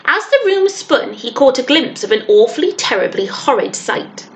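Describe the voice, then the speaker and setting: A woman teacher reading a children's novel aloud with expressive storytelling. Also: high voice, normal speed.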